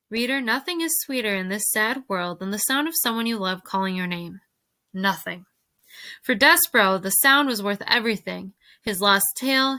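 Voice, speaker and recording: A woman teacher reading a novel aloud to her class, expressive, pausing to ask questions. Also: mid-range voice.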